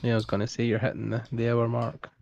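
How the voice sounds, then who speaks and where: A man's voice: mid-range voice, little pitch movement, quick pace, gravelly, darkish tone, lo-fi sound, a little hiss or hum. A young man chatting casually as a guest on a livestream, easygoing and rambling. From Scotland. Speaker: guest artist on a stream.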